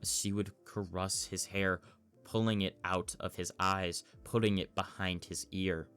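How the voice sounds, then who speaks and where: A man narrating a fan story in a measured storytelling manner. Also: deep voice, steady tone, fairly bright tone, clean tone, faint music behind.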